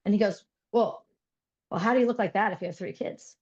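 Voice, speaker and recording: A woman in her thirties chats as an interview guest, lively and quick to laugh, her stories full of fillers. Her pitch sits in a middle range. The recording is a bit muffled and lo-fi. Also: slightly rough. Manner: animated, laughing storyteller with many fillers. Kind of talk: casual chat.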